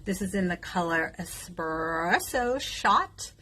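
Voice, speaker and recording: A woman's voice: fairly low pitch, lively intonation, slow pace, sharp tone, low-quality recording. A woman in her fifties talking candidly in a casual vlog while doing her makeup, chatting openly with plenty of fillers. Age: 50s. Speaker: beauty vlogger.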